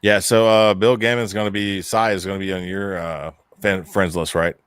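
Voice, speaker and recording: A man's voice: sits low, flat delivery, moderate pace, smooth, no echo. A man co-hosting a casual live-stream chat, joking and cursing as he reads out viewer comments. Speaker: podcast co-host.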